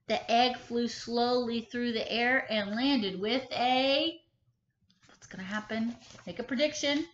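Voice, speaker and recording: A woman kindergarten teacher reading a picture book aloud, expressive and stopping to ask the children questions. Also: a little high, slow, a little hiss or hum. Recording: echoey room, slightly dull sound.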